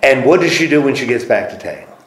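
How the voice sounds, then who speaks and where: A man's voice: mid-range voice, very animated, a little fast, crowd noise. A man leading a group Bible study in a church meeting room, putting questions to the group and repeating their answers. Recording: roomy echo.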